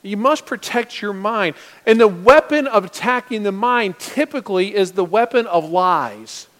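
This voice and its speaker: A man preaching a sermon as pastor, swinging between loud urgent stretches and hushed asides. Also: sits high, expressive, measured pace, long reverb tail. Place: church sanctuary.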